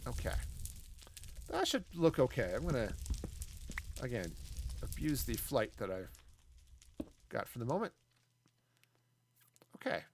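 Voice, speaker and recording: A man's voice: mid-range voice, huge pitch swings, unhurried, creaky, long pauses, darkish tone, a little hiss or hum. A man streaming a building game, rambling and joking as he talks to himself and greets his chat. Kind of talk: casual live gameplay commentary.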